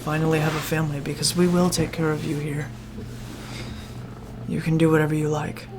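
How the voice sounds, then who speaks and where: A game master doing a weary, soft-spoken protective man. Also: medium pitch, normal speed, vocal fry, noisy background, lightly acted. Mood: grave. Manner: soft, hushed, heavy-sighing. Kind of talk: role-play in a tabletop game.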